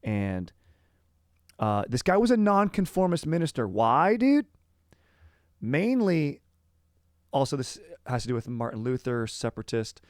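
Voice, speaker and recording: A man's voice: mid-range voice, big pitch swings, a little slow, pauses often, no room sound, studio quality. A young man hosting a podcast, talking about history in a rambling, casual way. He is slangy and laid-back, says "dude" all the time and drifts off topic. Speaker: podcast host.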